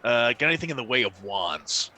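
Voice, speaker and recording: A man's voice: mid-range voice, very animated, brisk, sharp tone, slight background noise. A man playing a tabletop role-playing game, speaking casually and hesitantly with fillers and mild cursing. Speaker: player. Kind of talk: tabletop role-play, in character.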